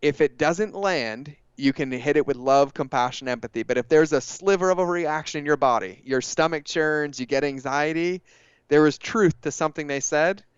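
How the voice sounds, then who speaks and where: A man speaking as a podcast guest, his voice smooth and resonant and sitting a little high. He talks with energy and likes to hammer a point by repeating it. The sound is dry and close, with a slightly dull, lo-fi edge. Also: no room sound. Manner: energetic, emphatic, repeats phrases for effect. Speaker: guest entrepreneur. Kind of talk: casual podcast conversation.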